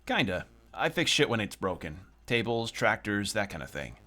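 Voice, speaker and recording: A man's voice: on the low side, sing-song, normal speed, bright, forceful tone, pitched below the performer's own voice. A man voicing a laid-back young male mechanic in a video game, drawling in casual slang and calling the listener little man. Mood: easygoing.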